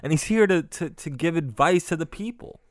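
A man hosting a podcast, giving crude comic commentary on clips, laughing often and excitable. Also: a little high, moderate pace, dry recording, clean studio sound. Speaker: podcast host.

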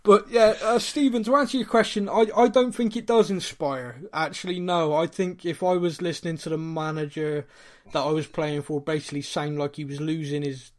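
A Bristolian man in his thirties talks on a football podcast in a relaxed, joking way. His voice sits a little high for a man, and he often restarts sentences and repeats words as he goes. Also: moderate pace. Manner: chatty, self-mocking, stumbles and repeats words. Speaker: podcast co-host. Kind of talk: casual chat.

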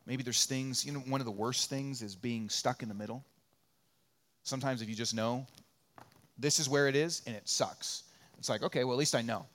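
A man preaching a sermon as pastor, repeating phrases for rhythm and dropping from loud peaks to quiet asides. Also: mid-range voice, normal speed, pauses often. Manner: conversational and joking, acts out little quoted voices.

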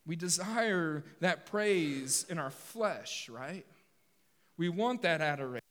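A man preaches to his congregation in a sermon, speaking with energy and dropping in jokes with the people in front of him. His voice sits a little high for a man. The sound rings out with the long reverb of a big hall. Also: slow pace. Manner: animated, joking asides with the congregation. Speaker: pastor.

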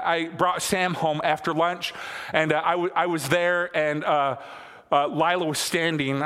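A man in his thirties preaching a sermon in a church, talking conversationally, repeating phrases for emphasis and climbing to excited peaks. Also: fairly high pitch. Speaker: pastor. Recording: long hall reverb.

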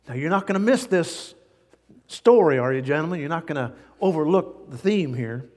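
A man preaching a sermon as a pastor, animated, with sudden jumps in pitch and loudness. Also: big-room sound.

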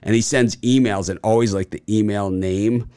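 A man's voice: on the low side, steady tone, moderate pace, dark tone, smooth, no room sound, studio quality. A man hosting a sports betting show, chatting casually, rambling with many fillers and boasting. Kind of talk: casual chat.

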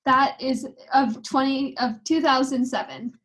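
Playful teenage girl, high-pitched podcast host. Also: fairly even intonation, a little slow, a bit bright, poor audio. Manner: chatty, playful. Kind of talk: casual chat.

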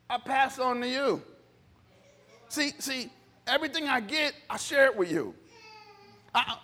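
In a church hall, a pastor with a scratchy, very high-pitched and fairly bright voice preaches a sermon, calling out for responses from the congregation. The hall makes the recording reverberant.

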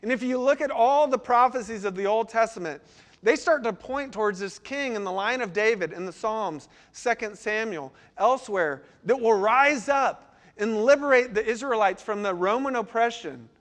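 A man pastor preaching a sermon, swinging between lively emphasis and quiet, intense passages. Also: high-pitched, normal speed. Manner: dynamic delivery, sudden drops to quiet intensity.

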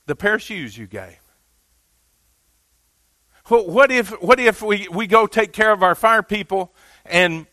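A man's voice: high voice, sharp tone, dry recording. A man preaching a sermon as pastor in a loose, conversational way, building to emphatic rises on key points. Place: church.

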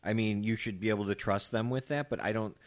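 A man's voice: lowish voice, steady tone, fast talker. A man co-hosting a podcast, chatting casually and teasing his friends. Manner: joking, teasing. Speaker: podcast co-host. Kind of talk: casual chat.

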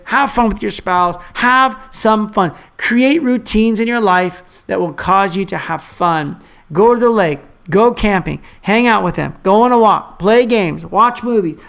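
Gravelly-voiced man preaching a sermon. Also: sits high, a bit bright. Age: adult father of young children. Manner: emphatic, repeats key phrases for the congregation; conversational asides and fillers. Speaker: pastor.

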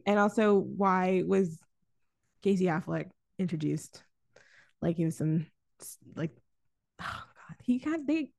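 A woman co-hosting a podcast, chatting casually about films, animated, laughing often and swearing freely. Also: on the high side. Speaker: podcast co-host. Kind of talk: casual film review chat.

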